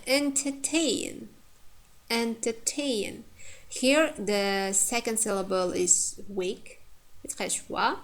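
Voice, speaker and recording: A woman teaching pronunciation, saying each example word slowly and twice to show where the stress falls. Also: medium pitch, poor audio. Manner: slow and deliberate, repeating example words with stress. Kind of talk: lesson.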